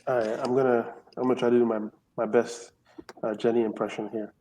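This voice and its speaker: A man on the team presenting updates on a casual community call, chatty and filling pauses with "you know" and "um". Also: mid-range voice, level tone, mellow, slight background noise, low-quality recording.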